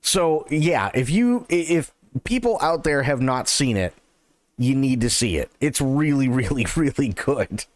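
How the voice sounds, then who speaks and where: Animated swearing male streamer. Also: mid-range voice, measured pace, no room sound. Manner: rambling, animated, swears freely, lots of fillers. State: hyped on caffeine. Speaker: livestream host. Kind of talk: casual streaming chat.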